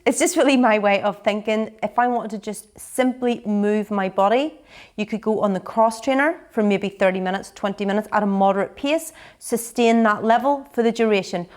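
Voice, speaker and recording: A woman's voice: medium pitch, normal speed. A young woman, a fitness instructor explaining her training in a casual chat to camera, upbeat and explanatory.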